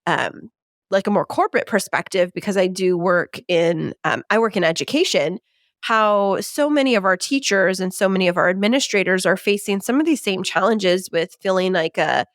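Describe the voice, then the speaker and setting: Brief: female podcast co-host, mid pitch, thoughtful and chatty, dry close mic. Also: animated, moderate pace, dry recording. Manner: searching, thoughtful, laughs often. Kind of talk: casual podcast conversation.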